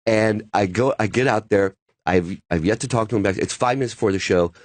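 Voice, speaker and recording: A man who is a stand-up comedian, telling an animated story in casual chat. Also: on the low side, brisk, dry recording. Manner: animated storyteller with many quoted voices.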